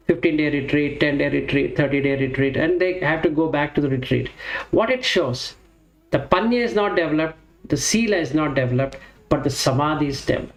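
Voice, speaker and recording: A man's voice: a little high, expressive, moderate pace. A man giving a reflective teaching talk on Buddhist practice, explaining step by step and asking and answering his own questions. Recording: roomy echo with faint music.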